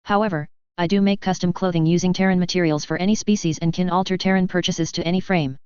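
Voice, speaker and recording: A woman's voice: fairly low pitch, steady tone, quick pace, a little mellow, clean tone, no echo, muffled recording, natural voice. A woman reading a posh, proper hamster lady. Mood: poised. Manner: posh, formal phrasing. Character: posh, polite female hamster seamstress.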